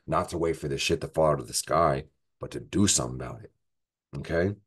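A man's voice: very deep voice, brisk, husky. A man giving a casual astrology forecast, profane and rambling, joking as he goes through the week. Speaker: astrology vlogger.

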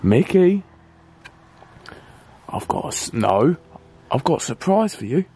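A young man filming an acted vlog skit, shouting pleas and orders at a prankster, then calmly talking to his viewers. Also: fairly high pitch, unhurried, breathy edge. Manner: shouting pleas and commands, then calm to-camera wrap-up. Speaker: vlogger. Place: outdoors and in a car at night.

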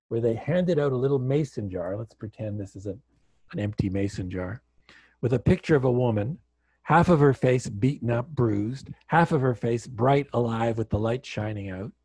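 A man's voice: mid-range voice, husky, no room sound. A man guest speaker from Canada, telling stories on an online call and acting out the dialogue with energy. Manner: animated storyteller acting out dialogue. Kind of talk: storytelling talk.

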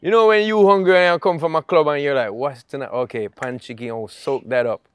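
Laid-back Jamaican man, smooth voice. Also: a little high, quick pace, dry recording. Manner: relaxed, laughs often, loose storytelling. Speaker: guest musician. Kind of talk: casual interview chat.

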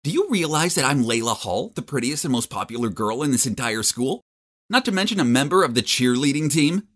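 A woman's voice: rumbling low, animated, brisk, breathy edge, heavily acted. A man doing a haughty teenage cheerleader girl. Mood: indignant. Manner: haughty, demanding. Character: bossy popular teen cheerleader girl. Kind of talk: animated storybook narration.

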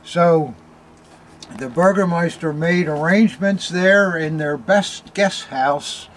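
An older man hosting a show, telling a story slowly in a rambling, casual way with many ums and uhs while smoking a cigar. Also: on the high side, slight background noise. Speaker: host.

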